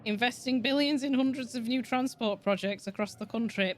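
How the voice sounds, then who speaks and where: A woman's voice: a little high, a little fast. A woman with a Yorkshire accent chatting casually on a game stream, swearing freely and laughing a lot. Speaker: streamer with a virtual avatar. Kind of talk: casual gaming stream chat.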